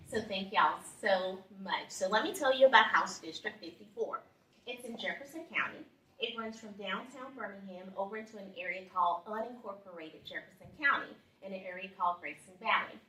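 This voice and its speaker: Woman, bright voice, campaign speech in an echoey room, heard from a distance. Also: medium pitch, brisk. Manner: warm, laughing, emotional. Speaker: political candidate.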